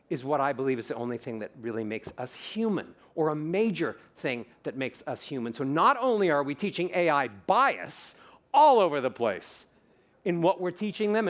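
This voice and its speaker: Middle-aged male voice coach on stage, high-pitched and very lively, performs his examples and quizzes the crowd. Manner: theatrical, demonstrates voices, asks audience questions. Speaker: voice coach giving a keynote talk. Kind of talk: animated conference keynote.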